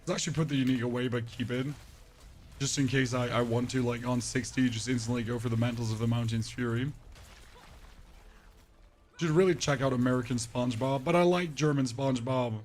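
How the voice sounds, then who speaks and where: A man chatting loosely through a live gameplay stream, his voice roughened by a touch of hoarseness. He drifts from point to point, tossing jokes and asides to his viewers at a mid-range pitch. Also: fairly even intonation, moderate pace, long pauses, slight background noise. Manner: rambling, joking asides to chat. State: a bit hoarse. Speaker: game streamer.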